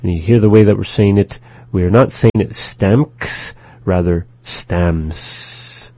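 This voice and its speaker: A man hosting a radio language lesson, patiently repeating phrases slowly for learners. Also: on the low side, fairly even intonation, warm tone, no room sound. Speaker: language teacher on a radio show. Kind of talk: slow, repetitive language lesson.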